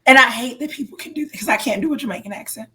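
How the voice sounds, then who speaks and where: Animated woman co-host, casual chat. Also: on the high side, rapid-fire. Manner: animated storyteller, frequent fillers and restarts. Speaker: podcast co-host.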